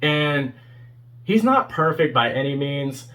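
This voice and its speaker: A man's voice: on the high side, lively intonation, slow pace, a bit bright. A man in his twenties giving a casual, rambling spoken review as a fan video host, with many fillers and small chuckles. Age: 20s.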